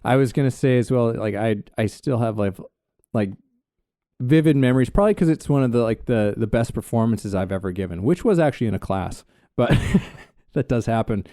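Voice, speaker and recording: Man recalling a story on a podcast, mellow voice, dry close mic, lots of "like" and restarts. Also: medium pitch, expressive, fairly quick, no echo. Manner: storytelling, hesitant, many fillers. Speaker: podcast co-host. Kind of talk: casual conversational podcast.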